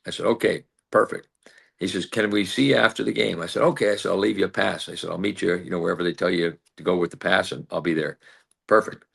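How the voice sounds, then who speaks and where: A man's voice: low-pitched, steady tone, fast, gravelly, fairly bright tone, breathy edge. A man in his sixties, a former player and team broadcaster, telling stories in an interview with many fillers and acted-out quotes. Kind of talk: storytelling in an interview.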